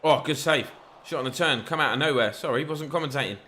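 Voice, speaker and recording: A man giving chatty, excitable play-by-play commentary over a football video game. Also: fairly high pitch, fast. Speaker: gaming YouTuber.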